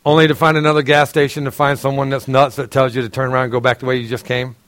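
A man's voice: mid-range voice, a bit bright, no echo. Male pastor preaching in a casual storytelling way. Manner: conversational storytelling, frequent throat clearing and laughter. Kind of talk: sermon.

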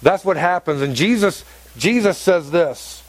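A man with a high voice preaches to his congregation, driving his points home by repeating phrases. He keeps asking the room questions as he goes. His voice is close and dry. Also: animated, unhurried, no echo. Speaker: pastor. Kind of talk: sermon. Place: church hall with congregation.

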